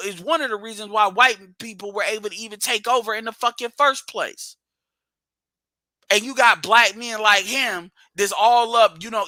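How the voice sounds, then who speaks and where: On his livestream, a man rants profanely and bluntly, driving his points home by repeating them. He has a high-pitched, bright voice with a forceful tone, and there's no echo.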